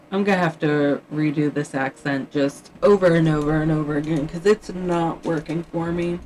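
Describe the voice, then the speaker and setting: A woman's voice: low-pitched, fairly even intonation, moderate pace, few pauses, darkish tone, a little hiss or hum, low-quality recording. A woman livestreaming her writing session, muttering and thinking aloud to her viewers in casual chat, with faint music playing behind her. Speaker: livestreamer doing writing sprints.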